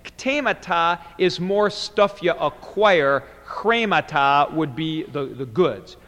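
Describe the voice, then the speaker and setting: A man teaching Greek grammar to a class, deliberate, parsing each word aloud and spelling things out. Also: fairly high pitch, animated, fairly bright tone, in a large hall. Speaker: Greek New Testament teacher.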